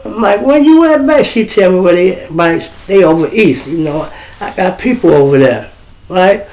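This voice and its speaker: A man's voice: high-pitched, moderate pace, low-quality recording. Profane man telling stories. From Chicago. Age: middle-aged. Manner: profane, animated, acts out quoted voices. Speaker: host. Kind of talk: casual storytelling monologue.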